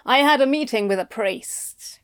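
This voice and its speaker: A woman's voice: high voice, a little slow, a bit bright, smooth, no room sound, studio quality, pitched above the performer's own voice. Pushy office manager, lectures his team; a woman narrator voices him. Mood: lecturing. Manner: bossy, lecturing. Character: brisk male sales manager, pushy.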